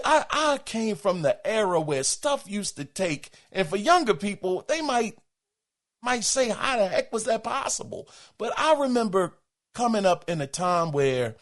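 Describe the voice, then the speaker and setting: Lively high-pitched man hosting a podcast. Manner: animated, exclamatory, folksy. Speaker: podcast host. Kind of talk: casual chat reading listener email.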